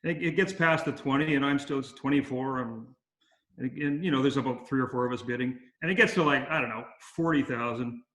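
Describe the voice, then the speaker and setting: A man's voice: medium pitch, a little fast, fairly bright tone, reverberant. A man being interviewed, casually telling long anecdotes with many fillers and restarts. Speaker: interview guest. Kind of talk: casual storytelling.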